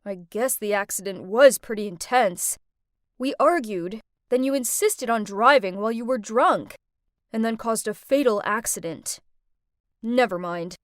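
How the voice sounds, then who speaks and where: A woman voicing a gentle but creepy young man who speaks in a soft, coaxing, falsely caring way in an animated story. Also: fairly high pitch, measured pace, dry recording, clean studio sound, pitched below the performer's own voice, close to an everyday voice. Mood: soothing.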